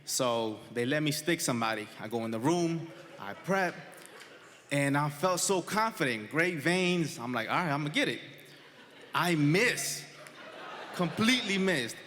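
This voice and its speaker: A man in his twenties telling a true story live on stage to an audience, conversational and animated, laughing between lines. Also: a little high, unhurried, a little hiss or hum. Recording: live stage recording with long hall reverb.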